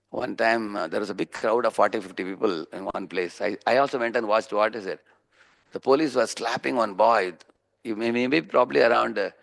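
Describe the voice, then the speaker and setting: A man with an Indian accent delivers a sermon, his voice mid-pitched with a gravelly, fry-tinged edge. He teaches through homely stories, stops often to check in with a quick questioning "huh?", and slips into the voices of the people he describes. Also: fairly bright tone. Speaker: preacher giving a scripture class.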